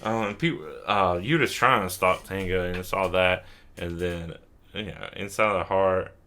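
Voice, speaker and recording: A man's voice: deep voice, fairly even intonation, unhurried, pushed and bright. A drunk young man hosting a casual anime recap, rambling with lots of fillers, swearing and chuckling. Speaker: host.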